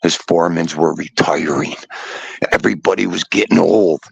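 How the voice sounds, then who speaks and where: A man's voice: deep voice, steady tone, moderate pace, creaky, husky, no room sound, highs cut off. A man who works as a union laborer, telling a job-site story in casual chat and calling his co-host by a nickname.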